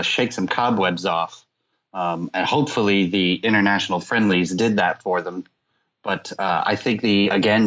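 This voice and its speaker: Man, low voice, measured casual analysis, muffled lo-fi recording. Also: fairly bright tone. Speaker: podcast co-host. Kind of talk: casual chat. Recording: dull lo-fi sound.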